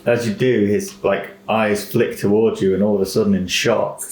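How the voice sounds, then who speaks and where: Low-voiced male dungeon master, casual narration, echoey room. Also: normal speed. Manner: relaxed descriptive narration with fillers like "like". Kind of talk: narrating a tabletop game. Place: rented lodge room. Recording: echoey room with faint noise.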